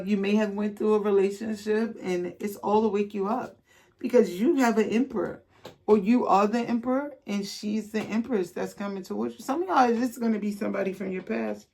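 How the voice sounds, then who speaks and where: A woman's voice: mid-range voice, vocal fry, darkish tone. A woman reading tarot cards to her viewers in a loose, casual way, blunt and chatty, swearing freely and reading card messages aloud. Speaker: tarot reader.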